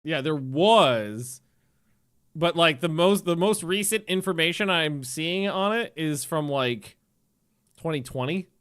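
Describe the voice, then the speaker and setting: A man streaming a game and chatting casually, rambling, swearing and getting excitable. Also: on the high side, slow, smooth. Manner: rambling, profane and excitable, often laughing. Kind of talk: casual chat while livestreaming a game.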